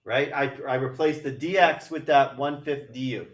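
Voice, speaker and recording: Chatty math teacher in an echoey classroom. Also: male voice, medium pitch, measured pace, recorded from a distance. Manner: chatty, jokey, thinks aloud while working problems. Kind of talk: classroom lecture.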